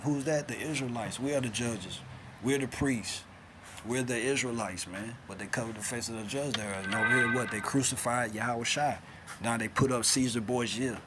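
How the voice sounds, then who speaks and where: Guy doing a street-style bible study, keeps saying man and all right, gets loud then drops low, bit of a hiss behind. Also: moderate pace. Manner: insistent, swings from loud to low. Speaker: scripture teacher. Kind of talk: informal bible teaching.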